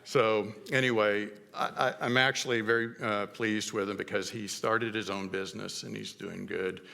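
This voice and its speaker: A middle-aged man preaching a sermon as pastor, telling stories in a conversational way with halting restarts. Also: lowish voice, steady tone, gravelly, bright, forceful tone, long reverb tail. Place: church sanctuary.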